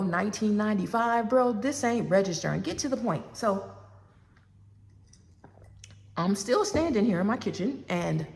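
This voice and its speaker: A woman in her forties with a gravelly, medium-pitched voice tells a personal story in a loose, chatty, animated way, acting out both sides of a phone call. She often speaks straight to her audience, and her voice rings with long reverb.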